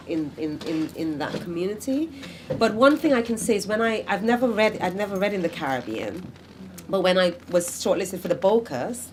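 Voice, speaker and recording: A woman poet answering questions at a literary event, telling lively stories and acting out family voices. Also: on the low side, background noise. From Britain, of Grenadian family. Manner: animated storytelling, acts out family voices. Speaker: poet in conversation. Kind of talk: casual literary Q&A talk.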